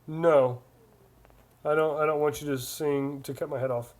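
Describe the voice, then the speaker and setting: A man's voice: fairly high pitch, fairly even intonation, normal speed, darkish tone. A man in his forties hosting a live stream, chatting casually and reading viewer comments aloud in a rambling way. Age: 40s. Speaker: livestream host.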